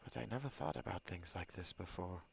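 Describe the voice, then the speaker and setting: A man voicing an earnest, uncertain young princess in a soft, reflective way, in his own low voice. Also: brisk, creaky, slight background noise. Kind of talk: reading game dialogue aloud.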